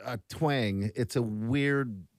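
A man's voice: mid-range voice, slow, no echo, clean studio sound. A man co-hosting a morning radio show, chatting casually and laughing often.

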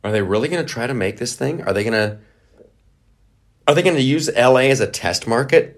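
A man hosting a podcast, riffing sarcastically through casual political commentary with quick mock voices. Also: medium pitch, animated. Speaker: podcast host.

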